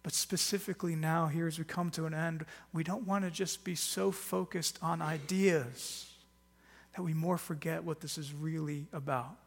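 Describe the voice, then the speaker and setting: A man's voice: on the high side, fairly even intonation, moderate pace, gravelly. A man preaching a Good Friday sermon as pastor, earnest and emphatic, pressing harder on key phrases. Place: church hall. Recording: long reverb of a church hall.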